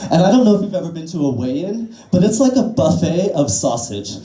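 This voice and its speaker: On a small cafe-bar stage, a trans woman in her twenties delivers crude, self-deprecating stand-up, rambling with fillers. Her fairly low, dark voice swings widely in pitch and moves a little fast, with echo from the bar room.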